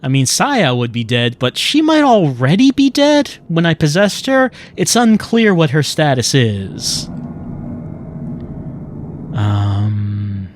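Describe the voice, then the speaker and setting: A man's voice: a little high, huge pitch swings, takes it slowly, slight background noise. A man giving sarcastic, joking commentary while playing a video game. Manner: sarcastic, self-mocking jokes. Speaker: let's play commentator. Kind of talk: casual gameplay commentary.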